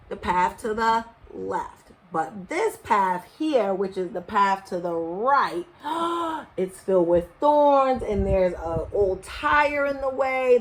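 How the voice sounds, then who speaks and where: A woman reading a picture book aloud to children, expressive, with chatty asides to her young listeners. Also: fairly high pitch, low-quality recording. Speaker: storyteller.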